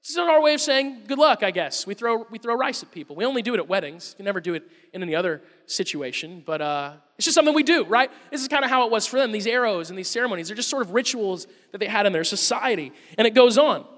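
A man preaching a sermon, telling the story in an animated way and acting out the quotes. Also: high voice, fast, few pauses, long reverb tail.

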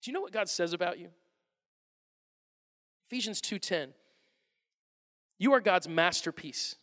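A man in his thirties preaching a sermon as a pastor, animated and acting out quotes in different voices. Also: high-pitched, a little slow. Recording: long reverb of a large hall.

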